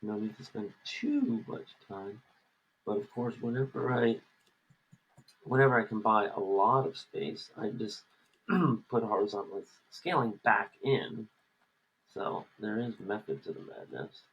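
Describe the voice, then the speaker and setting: Podcast co-host, man, low and gravelly, easygoing working chatter, faint noise. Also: lively intonation, measured pace, a bit bright, highs cut off. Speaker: comic artist and podcast co-host. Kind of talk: casual chat while lettering a comic page.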